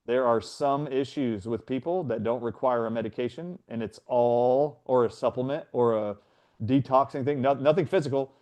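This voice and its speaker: A middle-aged man speaks as a guest, retelling his story with earnest animation and slipping into the voices of others. His pitch sits in an ordinary middle range for a man. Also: moderate pace, darkish tone. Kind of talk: storytelling in a conversation.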